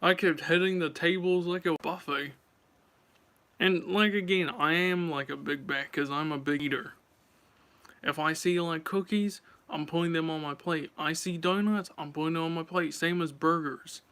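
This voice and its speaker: A man's voice: a little high, fairly even intonation, moderate pace, fairly bright tone, clean tone. A man chatting casually on a live stream, rambling and talking straight to his viewers.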